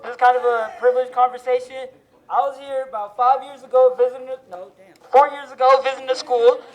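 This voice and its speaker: A man's voice: very high voice, poor audio. Young man hyping up a protest crowd. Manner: loud, streetwise, hypes the crowd. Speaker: student protest speaker. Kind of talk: fired-up rally speech.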